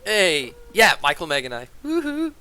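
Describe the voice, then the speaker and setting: A man's voice: fairly high pitch, normal speed, crowd noise. A man narrating as game master, talking casually with lots of fillers.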